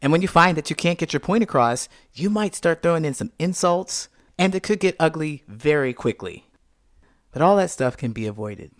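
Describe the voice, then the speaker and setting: A podcast host recounts a personal story as a monologue, animatedly reenacting scenes and voicing the quotes. His fairly high-pitched voice moves at a moderate pace, recorded in clean studio sound without room echo.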